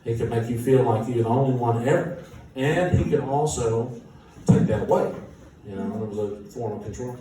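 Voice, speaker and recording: A band musician telling an animated, self-mocking story with frequent laughter. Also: male voice, mid-range voice, normal speed. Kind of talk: casual anecdote storytelling. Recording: echoey room, distant mic, noisy.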